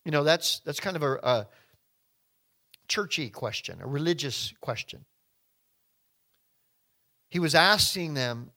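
Impassioned, bright-voiced male preacher. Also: on the high side, expressive, slow, pauses often. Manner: impassioned, swinging from hushed to loud; addresses listeners as folks and friends. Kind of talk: sermon.

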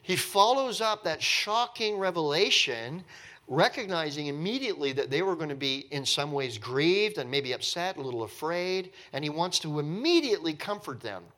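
A man leads a Bible study and tells the story with animated enthusiasm. His voice sits fairly high and has a bright, forceful edge. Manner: acts out quotes and laughs often.

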